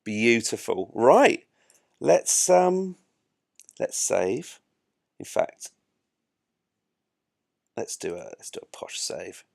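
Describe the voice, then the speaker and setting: A man's voice: medium pitch, very animated, very slow, creaky, long pauses, darkish tone, dry recording, studio quality. A man giving chatty, self-mocking live commentary while he plays a space game. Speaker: gameplay streamer.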